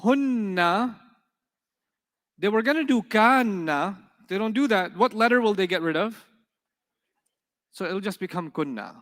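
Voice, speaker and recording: Male language teacher, high-pitched, lively classroom lecture, long hall echo. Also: normal speed, long pauses. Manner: animated, asks the class frequent questions. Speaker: Arabic teacher.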